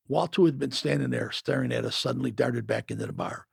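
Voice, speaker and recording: A man's voice: medium pitch, fast, creaky, hardly any pauses, breathy edge, no room sound, studio quality. A man narrating a first-person memoir in a gritty, matter-of-fact way.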